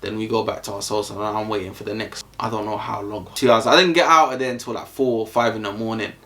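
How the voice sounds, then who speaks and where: A man's voice: on the low side, fairly even intonation, quick pace, pushed and bright. A young man with a London accent, telling a casual storytime vlog in a slangy, rambling way full of fillers. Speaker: vlogger.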